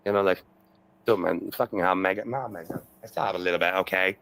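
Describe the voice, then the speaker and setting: A man's voice: sits low, quick pace, creaky, fairly bright tone, rough recording. A man ranting on a livestream, profane and repetitive, with many fillers and constant "okay"s. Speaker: streamer in a replayed stream clip. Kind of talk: rambling livestream rant.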